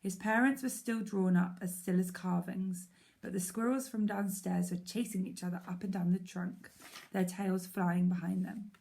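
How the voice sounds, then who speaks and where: A woman teacher reading a children's story aloud in a clear storytelling manner. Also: medium pitch, steady tone, normal speed, a little mellow.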